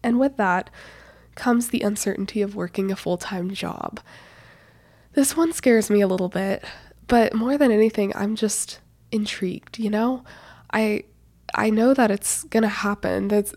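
Young woman, 20s, podcast host, rambling casual chat, stuffy nose, out of breath, gravelly vocal fry, dry close sound. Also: mid-range voice, measured pace, darkish tone, no room sound. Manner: chatty, rambling, lots of "like" and "you know".

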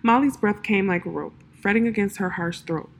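A woman reading a fantasy story aloud in a calm, measured narration. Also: medium pitch, gravelly.

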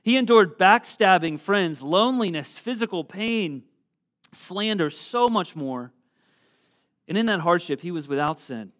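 Middle-aged male preacher, earnest sermon delivery, voice pitched a bit high, scripture read with swelling emphasis. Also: lively intonation, a little slow, a bit bright. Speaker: pastor.

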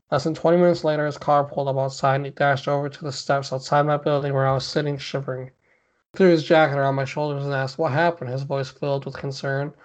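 A man's voice: mid-range voice, flat delivery, fast talker. A man co-hosting a podcast, reading a spooky story aloud with mock drama and stopping now and then to laugh and chat. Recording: dull lo-fi podcast audio.

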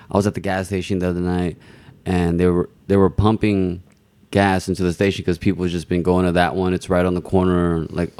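A man's voice: low voice, a little mellow, no echo. A man in casual conversation, telling a personal story in a rambling, self-deprecating way and laughing as he goes. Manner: laughs while telling stories.

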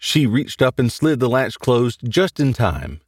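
A man hosting and narrating a horror story in a dramatic, animated reading. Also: mid-range voice, a little slow, breathy edge, dry recording, studio quality. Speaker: host and narrator.

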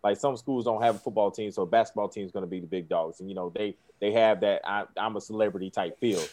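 Animated man telling coaching stories. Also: on the low side, fast. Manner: animated storyteller, acts out kids' voices, laughs often. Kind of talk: casual podcast chat.

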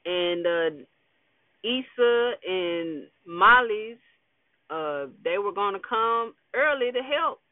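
A high-voiced man talks slowly through a show recap in a loose, slangy, wry way, full of fillers and side comments. The sound is dry and thin, like a phone line. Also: animated, dry recording. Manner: slangy, laid-back, wry, with fillers and asides. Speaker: TV episode recapper. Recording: dry tinny phone-like audio.

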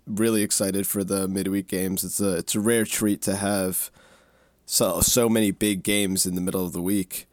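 Deep-voiced man chatting eagerly, dry sound. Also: flat delivery, normal speed, dry recording. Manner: eager, rambling, many restarts. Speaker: podcast co-host. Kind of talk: casual football podcast chat.

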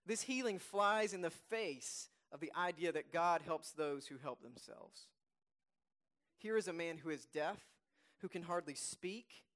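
A male pastor gives a Sunday sermon in a slightly higher, animated voice. He's emphatic, leaning hard on key phrases and repeating them twice, and when he reads scripture he slows right down and speaks softly.

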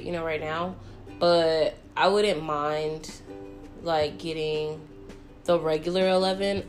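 A young woman telling a story in a chatty, animated way, full of fillers, answering viewer questions. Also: deep voice. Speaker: vlogger. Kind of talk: casual Q&A storytelling.

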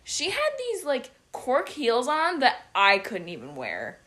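A woman's voice: high voice, huge pitch swings, measured pace, bright, forceful tone. A young woman hosting a casual chat, bubbly and slangy. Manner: bubbly, slangy, laughs often. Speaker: host.

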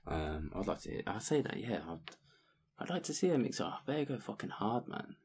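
A man's voice: fairly low pitch, sing-song, brisk, darkish tone, a little hiss or hum. A man co-hosting a music podcast in casual, slangy chat, swearing freely. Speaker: podcast co-host. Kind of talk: casual chat between tracks.

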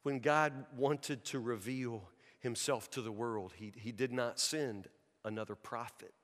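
Male pastor, mid-pitched voice, earnest pleading sermon, long hall reverb. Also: fairly bright tone. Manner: earnest, pleading, repeats words. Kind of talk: sermon with storytelling.

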